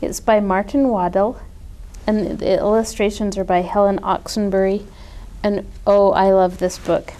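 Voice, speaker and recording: A woman reads a children's picture book aloud, taking her time over each line. Her voice is mellow and soft-edged, and her telling is gentle and expressive. She speaks as a children's librarian sharing a favorite story. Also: mid-range voice, unhurried.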